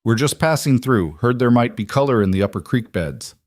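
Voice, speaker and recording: A man's voice: mid-range voice, animated, a little fast, darkish tone, no room sound, clean studio sound, lightly acted. A man playing a cocky young prospector from Boston who taunts with a grinning, mocking tone. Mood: taunting.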